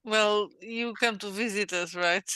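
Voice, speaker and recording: A tabletop game player, chatting and asking questions in a brisk way. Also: medium pitch, fairly even intonation, bright, forceful tone, clear, resonant tone, no room sound. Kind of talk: tabletop role-play chat.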